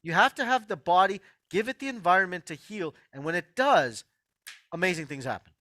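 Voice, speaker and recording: Bright, animated man lecturing emphatically. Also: high-pitched, brisk, dry recording. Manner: emphatic, repeats key phrases, addresses listeners directly. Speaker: host of an online healing workshop. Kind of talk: motivational health lecture.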